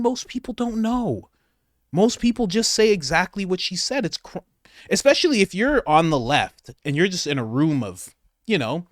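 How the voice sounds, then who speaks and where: Sarcastic man with lively pitch swings. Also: no room sound, studio quality. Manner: sarcastic and mocking, mimics others in exaggerated voices, laughs often; drops to a low, quiet mutter for asides. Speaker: commentary channel host. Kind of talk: casual political commentary reacting to a clip.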